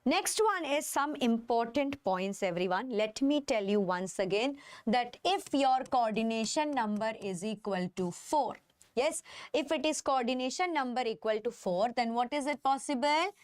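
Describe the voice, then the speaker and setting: Recorded at studio quality with no room sound, a woman whose voice is on the high side and lively in intonation teaches chemistry online, live, in an Indian English accent. She keeps elongating key terms and checking in with her learners.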